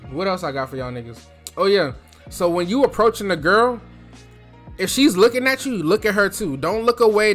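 A man's voice: fairly high pitch, a bit bright. A young man from New Jersey giving casual advice in a loose, slangy, chatty way, speaking from his throat.

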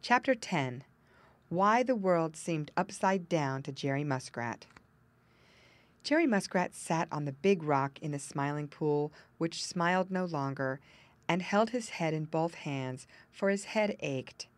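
Woman reading a kids' story, lowish voice, very lively, dry close sound. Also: measured pace, no echo. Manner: expressive, storytelling emphasis. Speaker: audiobook narrator. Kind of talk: children's storybook narration.

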